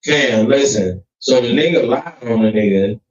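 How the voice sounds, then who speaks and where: A man's voice: medium pitch, moderate pace. A man co-hosting a casual podcast, talking bluntly in heavy street slang. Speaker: podcast co-host. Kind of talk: casual chat. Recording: echoey, distant, dull lo-fi sound.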